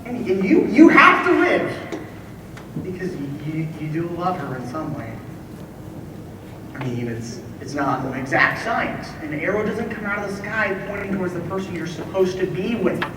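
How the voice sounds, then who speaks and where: A wistful musical fan who rambles in halting asides, played by a man on a school stage. His pitch swings widely. He is recorded from far off in an echoey auditorium with steady noise. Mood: musing. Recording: echoey hall from far off, noisy.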